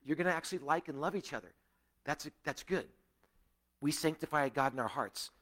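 A male pastor preaching a sermon to a gathered church, earnest, rising to emphatic peaks and dropping to hushed, quiet stretches. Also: fairly quick. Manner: earnest, swinging between raised emphasis and hushed, low passages.

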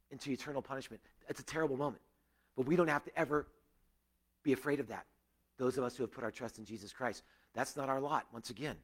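Man, pastor, sermon, earnest, slightly high voice, loud emphasis then hushed asides. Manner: earnest, swinging between raised emphasis and hushed, low passages. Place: church gathering.

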